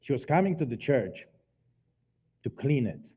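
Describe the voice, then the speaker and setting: A man preaching his personal testimony in a church, telling the story dramatically with emphatic swings in loudness. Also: medium pitch, sing-song, measured pace, slightly rough, dull audio. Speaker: guest preacher giving testimony. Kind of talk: testimony sermon.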